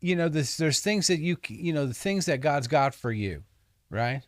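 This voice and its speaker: A man's voice: a little high, expressive, normal speed, no echo, clean studio sound. A man hosting a podcast, talking through a Bible story in a rambling, jokey way with frequent restarts. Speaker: podcast host. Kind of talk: casual Bible discussion.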